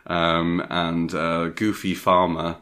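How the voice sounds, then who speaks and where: A man with a very low voice chats through a film plot on a podcast. He wanders, pauses on ums, and slips into silly voices for the characters. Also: monotone, fairly bright tone. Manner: rambling, lots of ums, acts out characters' lines. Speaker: podcast co-host. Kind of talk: casual chat recapping a film.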